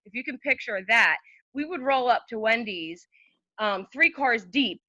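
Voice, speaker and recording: A woman's voice: fairly high pitch, lively intonation, a little slow, pushed and bright, dry recording, muffled recording. A woman in her thirties, a podcast guest chatting and telling long stories with fillers and laughs. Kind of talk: casual storytelling chat.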